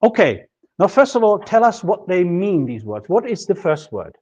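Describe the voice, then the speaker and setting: A man delivers a university lecture in a fairly high voice. He explains step by step, working through examples. The recording sounds muffled and lo-fi. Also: very animated, moderate pace, a little mellow, slightly rough. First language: German. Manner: methodical, explaining with worked examples. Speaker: linguistics lecturer.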